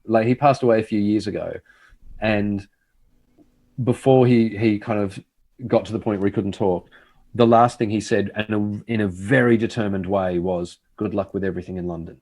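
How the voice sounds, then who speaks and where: A man's voice: on the low side, fairly even intonation, moderate pace, darkish tone. A middle-aged man, a TV host, telling a reflective story in casual conversation.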